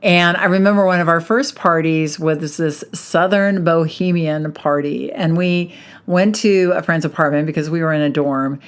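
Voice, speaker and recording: A woman around sixty hosting a podcast, talking in a chatty, animated storytelling way that often breaks into laughter. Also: sits low, normal speed, clear, resonant tone. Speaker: podcast host, hypnotherapist. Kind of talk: casual podcast monologue.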